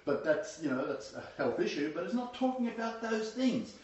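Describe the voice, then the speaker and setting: A man's voice: sits high, very animated, normal speed, a little mellow. A man, teaching a casual sermon as pastor. He is chatty and emphatic, laughs often and uses many fillers. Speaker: pastor leading a Bible study. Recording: roomy, slightly dull lo-fi recording.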